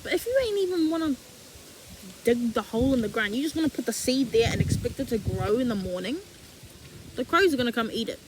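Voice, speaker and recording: Give me a slangy young woman vlogging about faith in a bright, high voice. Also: fairly quick, noisy background. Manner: animated, acts out imagined dialogue, slangy. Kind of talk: casual faith talk.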